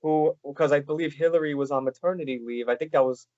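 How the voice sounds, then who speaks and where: Halting fan host, fairly high voice. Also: male voice, a little mellow, no room sound, muffled recording. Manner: halting, many "like" fillers and restarts. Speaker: podcast host. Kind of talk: casual interview chat.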